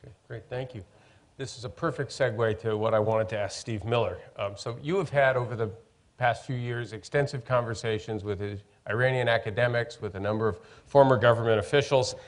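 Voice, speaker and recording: A man moderating a panel discussion, posing a question politely and in a measured way. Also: medium pitch, fairly even intonation.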